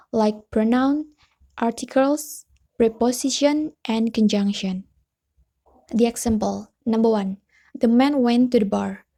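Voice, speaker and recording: A woman's voice: fairly high pitch, warm tone. A young woman with an Indonesian accent giving a class presentation, reading steadily with hesitant fillers. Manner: reads steadily, switches between English and Indonesian, hesitant fillers. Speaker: student presenter.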